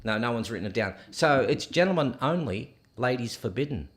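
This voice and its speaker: A man's voice: mid-range voice, expressive, fairly quick. A man hosting a casual podcast interview, talking in a teasing, jokey way. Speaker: podcast host.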